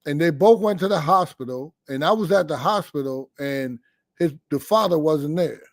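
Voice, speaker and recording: A man's voice: a little high, normal speed, dry recording, clean studio sound. A male caller talking bluntly and profanely, arguing his point. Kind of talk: phone-in chat.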